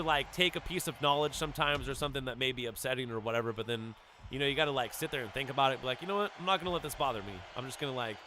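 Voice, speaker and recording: A man's voice: mid-range voice, pushed and bright, a little hiss or hum. A man streaming a video game, chatting casually in a rambling, laid-back way full of "like" and "dude". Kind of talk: casual stream chat while gaming.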